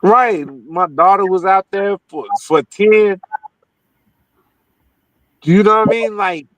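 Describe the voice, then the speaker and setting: A man's voice: high voice, slow, fairly bright tone, dry recording, poor audio. A man co-hosting a podcast, talking in a blunt, slangy, casual way. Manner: blunt, slangy, laughs a lot. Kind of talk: casual chat.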